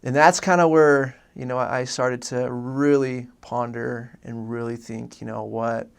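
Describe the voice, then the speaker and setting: A man's voice: mid-range voice, fairly even intonation, unhurried, creaky, smooth. A young man from Oregon telling his personal faith story in a casual, earnest way, rambling with many restarts and fillers. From Oregon, USA. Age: young adult.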